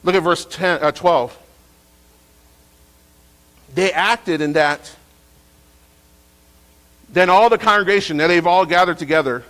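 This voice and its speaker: A man preaching a sermon as pastor, lively and repetitive, with frequent restarts. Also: high-pitched, measured pace, long pauses, rough recording.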